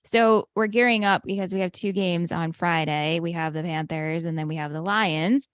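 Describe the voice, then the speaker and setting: A woman's voice: lowish voice, moderate pace, smooth, no echo, studio quality. A woman co-hosting a podcast who walks through the episode plot in matter-of-fact casual chat. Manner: leads the plot summary, steady and matter-of-fact. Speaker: podcast co-host.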